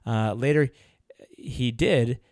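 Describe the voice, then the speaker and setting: A man's voice: mid-range voice, slow pace, darkish tone, no room sound. A man with a mid-range voice co-hosting a podcast. He keeps the chat casual, laughs often, and reads notes aloud. The sound is dry and close. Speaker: podcast co-host.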